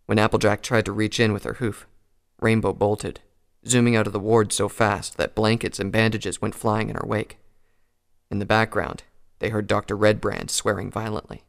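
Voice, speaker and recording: Gravelly man reading a story. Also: fairly low pitch, flat delivery, moderate pace. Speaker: narrator. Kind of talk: reading fan fiction aloud.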